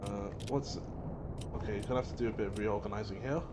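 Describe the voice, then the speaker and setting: A man's voice: on the low side, fast, very noisy. A man streaming a video game and rambling in casual, laughing commentary. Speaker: gameplay streamer. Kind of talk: casual let's-play commentary.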